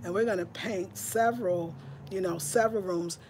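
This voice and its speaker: A woman's voice: on the low side, normal speed, noisy background. Chatty woman in her fifties from New York. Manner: chatty, breezy, talks to viewers like girlfriends. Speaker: lifestyle vlogger. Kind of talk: casual chat to the camera. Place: at home indoors.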